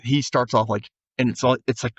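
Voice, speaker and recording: A man's voice: mid-range voice, brisk, slightly rough, dry recording, lo-fi sound. A man hosting a podcast, casually recapping an episode and acting out the characters' lines. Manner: animated retelling, acts out character lines. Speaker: podcast host.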